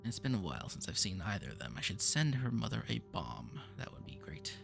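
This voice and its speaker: A man's voice: deep voice, big pitch swings, fairly quick, creaky, fairly bright tone, faint music behind, voice pushed down, exaggerated voice. A man playing a pompous grandiose old mage. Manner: pompous, theatrical, touchy. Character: grandiose eccentric male mage, game's creator.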